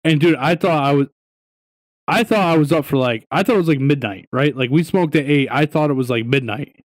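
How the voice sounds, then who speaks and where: A young adult man co-hosting a podcast, telling stories in a casual, profane, animated way, full of "dude" and "right?". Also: fairly high pitch, a little fast, dry recording. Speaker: podcast co-host. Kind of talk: casual storytelling chat.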